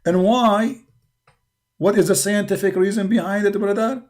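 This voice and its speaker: A livestream host with a tired voice argues in broken English, mocking his opponents and calling the listener brother again and again. His speaking voice sits high for a man. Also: little pitch movement, brisk, darkish tone. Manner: mocking, argumentative. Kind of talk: livestreamed religious critique talk.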